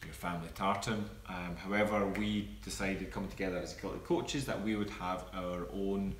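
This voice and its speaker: A man's voice: deep voice, fairly even intonation, moderate pace, slight background noise. A man co-hosting a casual live Q&A chat, explaining things in a laid-back way. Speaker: co-host. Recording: echoey room with faint ambience.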